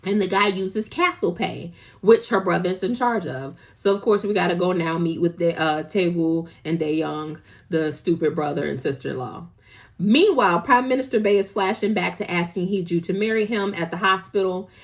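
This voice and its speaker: A woman's voice: fairly low pitch, normal speed. A woman hosting a casual drama recap, talking in a playful, gossipy, slangy way and acting out the characters' lines.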